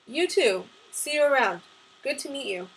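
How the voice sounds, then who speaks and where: A woman's voice: high-pitched, lively intonation, moderate pace, a bit bright, slight background noise, pitched above the performer's own voice, poor audio. A woman reading a cocky, teasing young man. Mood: friendly. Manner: cool, teasing banter. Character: cocky young male smoker neighbor, teasing.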